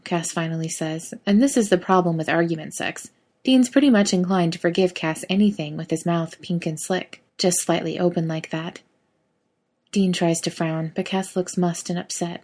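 A woman narrating fiction aloud in a steady, even storytelling manner. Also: on the low side, moderate pace.

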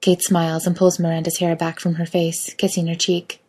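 A woman reading an intimate audio story as narrator, softly and slowly. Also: on the low side, little pitch movement, slightly rough.

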